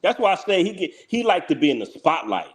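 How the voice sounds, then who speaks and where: A male channel host delivers live reaction commentary in a blunt, heated way. His fairly high voice swings widely in pitch, and he keeps repeating his points. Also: sing-song, fast talker. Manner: blunt, heated, repetitive, breaks into laughs.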